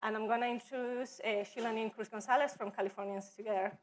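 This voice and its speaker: A woman's voice: on the high side, steady tone, fast. A woman with a foreign accent opening a workshop for educators as its coordinator, speaking hesitantly with many fillers and restarts, in a training room. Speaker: immigrant relations coordinator. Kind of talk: workshop welcome and presentation. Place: training room with audience at tables.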